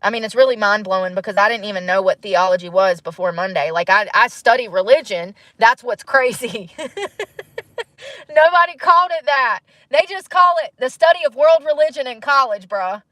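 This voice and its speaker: Woman, thirties, casual vlog monologue, reflective, animated, laughs, mid pitch, dry sound. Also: fairly quick, few pauses, dry recording. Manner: musing, animated, laughs often. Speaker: vlogger.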